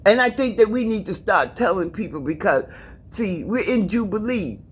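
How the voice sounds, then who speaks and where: Speaking at a normal pace with lively intonation and a medium pitch, a middle-aged woman lectures her viewers in a vlog shot at her apartment. The rant is personal, emphatic and preachy, full of repetition, and there's slight hiss or hum in the audio.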